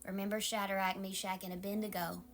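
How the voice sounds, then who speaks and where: A woman pastor with a Southern accent delivers a calm, motherly devotional sermon, frequently slipping into a soft whisper. Her voice sits in the mid-range and moves at a brisk clip.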